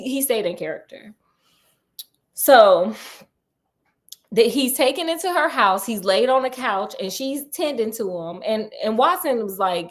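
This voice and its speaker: A young woman casually retelling a classic detective story, animated and slangy, laughing often. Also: medium pitch. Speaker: podcast storyteller.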